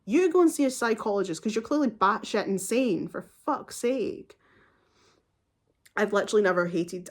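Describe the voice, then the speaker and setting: A woman's voice: on the low side, creaky. A woman in her twenties retelling a story casually and heatedly, swearing often and acting out both sides of the conversation. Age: 20s. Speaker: vlogger.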